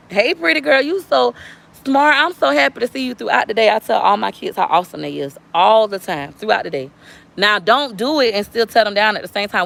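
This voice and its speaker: Lady doing a livestream chat, gravelly voice, animated and preachy, talking right at her viewers. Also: medium pitch. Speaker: livestream vlogger.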